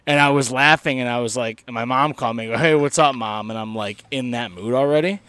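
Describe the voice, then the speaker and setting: A man's voice: mid-range voice, fast, a bit bright, clear, resonant tone. A young man on a podcast, rambling and swearing through a story in casual chat, laughing as he goes. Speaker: podcast co-host.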